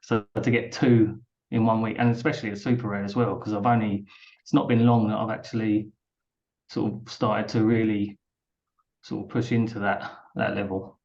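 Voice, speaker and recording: A man's voice: lowish voice, level tone, moderate pace, a little mellow. Hesitant man on dull lo-fi audio. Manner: hesitant, repeats words, says you know a lot. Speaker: guest. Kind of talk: casual chat.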